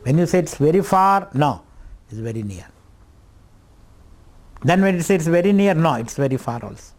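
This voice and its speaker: A middle-aged man gives a spiritual teaching at a retreat, his voice sitting somewhat high for a man. He speaks slowly and contemplatively, repeating key phrases and stretching out Sanskrit words. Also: lively intonation, a little mellow. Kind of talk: scripture talk at a retreat.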